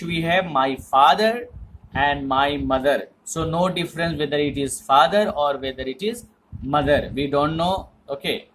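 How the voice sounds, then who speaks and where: Man, German language teacher, slow repetitive explanations, says "okay" a lot, faint noise behind. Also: a little high, low-quality recording. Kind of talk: language lesson.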